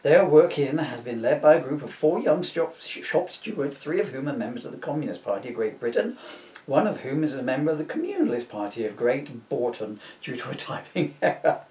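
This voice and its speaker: A man reads from his comic book in a lively, up-and-down voice, dropping deadpan asides. He often chuckles at his own lines. The sound is roomy and a little distant from the mic. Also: medium pitch, fairly quick. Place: room, filmed on camera.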